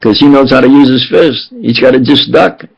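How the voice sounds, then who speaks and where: A man in his eighties in a rambling, aggrieved monologue, halting and repeating himself. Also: medium pitch, vocal fry, husky, highs cut off. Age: 80s. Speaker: self-published speaker.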